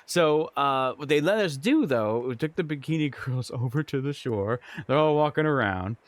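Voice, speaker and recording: A young man streaming, telling a funny story in casual chat, animated and laughing often. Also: mid-range voice, moderate pace, dry recording. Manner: animated, laughs often, acts out quoted voices.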